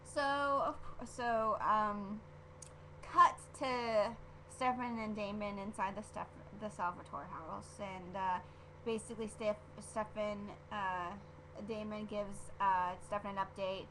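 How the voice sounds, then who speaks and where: A woman vlogging a casual episode review, rambling and gushing as an excitable fan, with lots of fillers and restarts. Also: medium pitch, takes it slowly, a little hiss or hum. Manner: filler-heavy with frequent restarts. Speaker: TV show reviewer.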